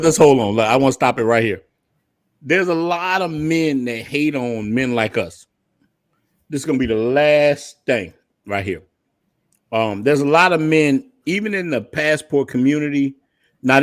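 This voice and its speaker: A man's voice: a little high, fairly bright tone. A man hosting a live stream, talking in loose, joking street slang. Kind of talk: casual live stream chat.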